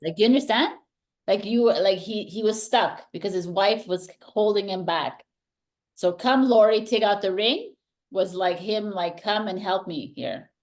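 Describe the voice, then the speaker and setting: A woman's voice: medium pitch, measured pace. A woman hosting a casual spiritual chat as a tarot reader, earnestly passing on intuitive messages with emphasis.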